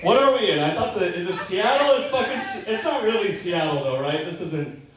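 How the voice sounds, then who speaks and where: A stand-up comedian shouting angry, profane jabs at a heckler in a comedy club. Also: male voice, high-pitched, animated, moderate pace. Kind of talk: stand-up set, roasting a heckler. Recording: roomy live club recording from far off. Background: crowd laughter.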